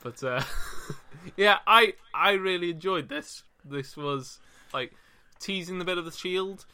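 A young British man co-hosting a casual wrestling podcast, laid-back and quick to laugh. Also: sits high, pushed and bright. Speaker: podcast co-host. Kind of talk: casual wrestling review chat.

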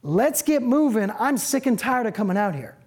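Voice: mid-range voice, big pitch swings, moderate pace, a little mellow, pitched above the performer's own voice. A preacher voicing a fed-up, defiant Samaritan woman, blunt and exasperated, firing off questions. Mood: impatient.

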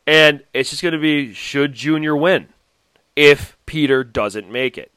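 A man co-hosting a casual podcast chat, laughing often and trailing off quietly. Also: a little high, unhurried, clear, resonant tone, no room sound. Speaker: podcast co-host.

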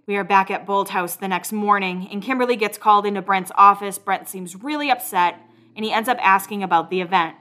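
A woman's voice: mid-range voice, brisk, bright, forceful tone. A woman hosts a casual recap podcast, walking through reality show scenes. Her talk is chatty and gossipy. She drops in blunt asides and curses freely. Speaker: podcast host.

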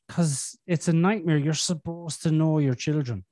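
A man's voice: a little high, lively intonation, normal speed, mellow, dry recording. A man hosting a podcast, telling stories in a blunt, casual way with plenty of swearing. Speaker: podcast host. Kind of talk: casual conversation.

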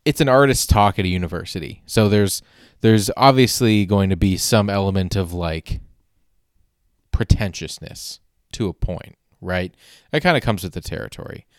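A man with a very low voice rambles through a casual solo podcast, wry and self-deprecating, restarting his sentences often. The recording is dry and close, with no room sound. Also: normal speed, no echo. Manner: swears casually. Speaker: podcast host.

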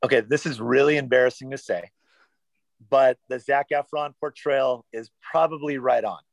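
A man's voice: mid-range voice, normal speed, vocal fry, no room sound, poor audio. A man chatting as a podcast guest, rambling and self-deprecating with lots of fillers. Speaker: guest actor. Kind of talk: casual podcast chat.

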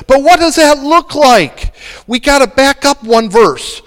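A man delivers a dramatic sermon, pausing on rhetorical questions. His voice sits high and swoops widely while he takes his time. The sound carries a long reverb from a big hall. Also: lively intonation, fairly bright tone. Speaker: pastor.

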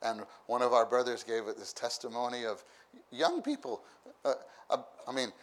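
A man's voice: mid-range voice, normal speed, a bit bright. Man preaching in a conversational style. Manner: repeats phrases, acts out voices with bursts of laughter. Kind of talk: conversational sermon.

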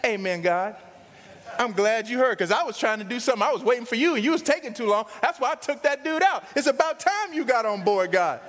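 A man's voice: very high voice, a little fast, in a large hall, pitched above the performer's own voice. A man putting on a brash, slangy prophet. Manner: slangy, excited, cocky. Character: impatient brash male prophet, streetwise.

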